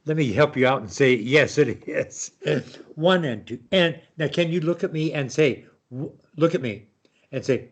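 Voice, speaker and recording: A man's voice: a little high, measured pace. Older man teaching piano, patient. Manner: patient, explains with counting and clucking demonstrations. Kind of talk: online piano lesson.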